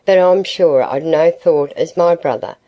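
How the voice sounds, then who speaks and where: A woman reading aloud gives us a poor farmer's wife close to tears, her low, dark voice trembling as she pleads. She stays humble and anxious throughout this old-fashioned storybook scene. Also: a little slow. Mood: tearful pleading.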